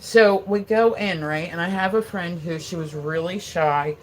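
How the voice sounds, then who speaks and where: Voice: mid-range voice, moderate pace. Rambling, swearing livestreamer in their forties. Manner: rambling, filler-heavy, swears freely, laughs often. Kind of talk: casual livestream chat. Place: home.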